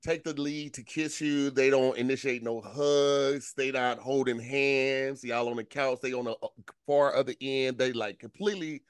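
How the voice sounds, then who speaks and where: A man's voice: medium pitch, steady tone, moderate pace, smooth, no echo. Dry-sounding male host, laid-back, runs the topics. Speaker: podcast host. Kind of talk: casual podcast chat.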